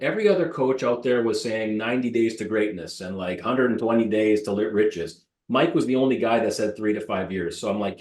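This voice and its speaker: A man in his thirties from Canada, a real estate broker telling blunt, lively stories in an interview and mimicking the people in them. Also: fairly low pitch, a little fast, few pauses. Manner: blunt, animated, mimics voices in anecdotes. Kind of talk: interview storytelling. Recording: roomy echo.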